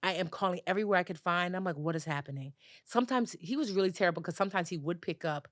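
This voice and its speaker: Animated woman telling a story, dry sound. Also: racing, no room sound. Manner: animated storyteller, acts out dialogue with big pitch jumps. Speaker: personal finance educator, podcast guest. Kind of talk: storytelling in a conversational interview.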